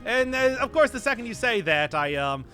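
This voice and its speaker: Lively high-voiced young male gamer. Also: moderate pace, soft background music. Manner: animated and self-mocking, reads chat aloud. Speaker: gaming streamer. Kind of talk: casual live-stream commentary.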